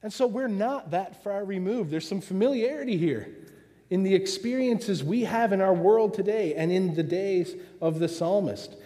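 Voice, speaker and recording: A man's voice: high-pitched, moderate pace, warm tone. A man preaching a sermon, earnest and full of rhetorical questions, in a church. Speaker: pastor. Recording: long hall reverb.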